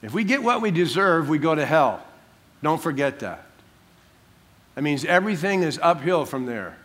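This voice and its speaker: An older man, a pastor, preaching a sermon in an animated way, acting out quotes with jokey asides. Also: on the high side, moderate pace.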